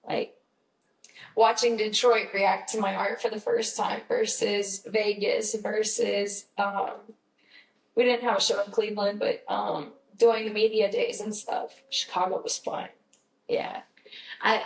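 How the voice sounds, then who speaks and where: A young woman from Georgia with a Southern accent, telling stories in an upbeat, chatty interview with lots of fillers. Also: mid-range voice. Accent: Southern American. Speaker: guest musician. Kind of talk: casual interview chat. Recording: roomy, slightly distant mic.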